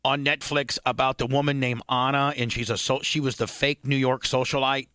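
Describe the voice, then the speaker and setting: A man's voice: mid-range voice, level tone, normal speed, pushed and bright, smooth, no room sound. A man hosting a podcast, chatting casually and rambling with frequent restarts. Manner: rambling, restarts sentences often. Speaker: podcast host. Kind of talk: casual chat.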